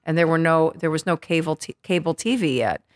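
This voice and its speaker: Animated, cursing New woman telling stories. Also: sits low, fairly quick. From Queens, New York. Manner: animated, profane, acts out quotes. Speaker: podcast guest. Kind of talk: casual storytelling interview.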